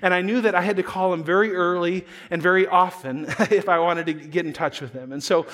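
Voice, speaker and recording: A pastor delivers a relaxed sermon in a notably high voice for a man. He tells stories like he is chatting with friends and pokes fun at himself along the way. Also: a little fast. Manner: conversational storytelling, self-deprecating humor.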